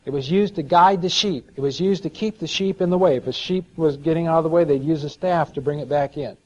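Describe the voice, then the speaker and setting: A male preacher delivers a storytelling sermon in a fairly high voice. He drops into soft, quiet asides and then rises to emphatic, ringing scripture reading. The recording sounds dull and lo-fi. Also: a little fast.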